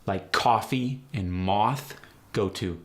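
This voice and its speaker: A man hosting a tutorial as an accent coach, explaining sounds in a brisk, direct way. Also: on the low side, fairly bright tone. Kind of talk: instructional tutorial.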